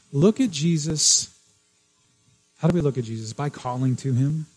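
Male pastor, slightly high pitch, earnest sermon delivery with repeats and restarts. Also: a little mellow, breathy edge, poor audio. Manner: earnest, repeats key phrases, frequent restarts.

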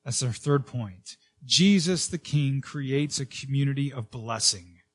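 A pastor delivers an earnest sermon in a medium-pitched voice, with frequent fillers and restarts. He raises his voice and slows down to emphasize key words.

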